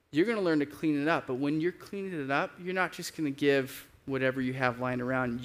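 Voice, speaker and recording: A man in his thirties preaching a sermon, earnest, slowing down to stress key phrases. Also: mid-range voice. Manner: earnest, varies pace, slows for emphasis. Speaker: pastor.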